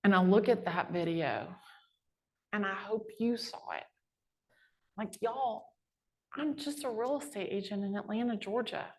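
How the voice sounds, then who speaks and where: A woman, a real estate agent giving a chatty, animated storytelling talk to a live audience. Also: mid-range voice, unhurried, pauses often. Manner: chatty, animated storyteller with lively quoted voices.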